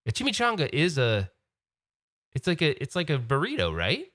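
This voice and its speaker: A man's voice: fairly high pitch, wildly swooping pitch, normal speed, fairly bright tone, no room sound, clean studio sound. A man hosting a live-stream podcast in casual chat, rambling and getting sidetracked. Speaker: podcast host.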